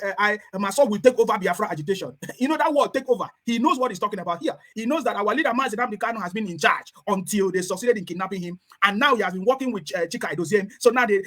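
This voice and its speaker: A man hosts an online discussion, his voice higher than most men's. He speaks rapidly and keeps asking pointed questions before handing over to his guest. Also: a bit bright. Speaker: host.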